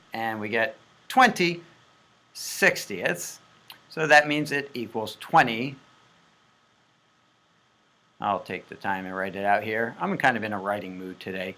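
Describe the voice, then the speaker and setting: Bright-voiced man tutoring math homework. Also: lowish voice. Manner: jokey, talks through math steps aloud. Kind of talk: playful homework walkthrough.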